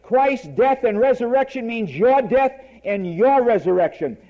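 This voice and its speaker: A man's voice: very high-pitched, lively intonation, measured pace, dull audio. A man preaching a sermon, emphatic and repeating key words for stress.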